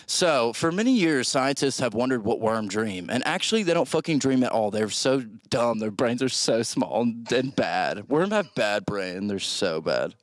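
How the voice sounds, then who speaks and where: A man's voice: mid-range voice, animated, moderate pace, few pauses, lightly acted. A man playing a giggly, crude presenter of a mock worm news segment in a comedy sketch. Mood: goofy.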